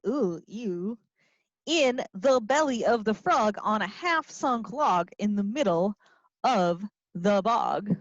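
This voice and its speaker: A woman teacher reading a picture book and singing to young children in an expressive, playful way, with little gasps and asides. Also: mid-range voice, slow pace, no echo. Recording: dry, slightly dull lo-fi sound.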